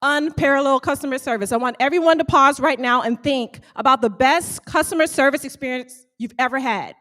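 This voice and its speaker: A woman with a high voice delivers an energetic motivational talk to a room of business owners. She speaks as a small bakery owner and keeps calling out questions to the audience. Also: fairly quick. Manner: animated, calls out questions to the audience.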